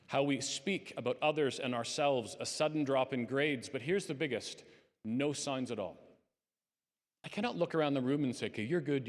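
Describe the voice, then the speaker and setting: A man giving an earnest, conversational talk as a conference speaker to a live audience, with lively emphasis. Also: medium pitch. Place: conference hall. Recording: long reverb of a hall.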